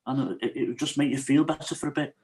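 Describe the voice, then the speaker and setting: A man's voice: medium pitch, quick pace, low-quality recording. A middle-aged man, a guest on a podcast telling his own life story frankly. He tells it with energy, acting out the lines of other people. He keeps checking in with the host. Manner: animated storyteller, acts out quotes, often asks "right?". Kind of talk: candid storytelling.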